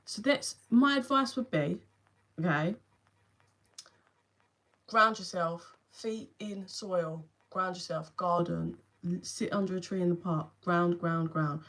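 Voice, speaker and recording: A woman's voice: fairly low pitch, takes it slowly, fairly bright tone. A young woman with a London accent giving a tarot reading on a live stream from her phone. She chats casually, swears now and then and speaks to viewers by name. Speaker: tarot reader.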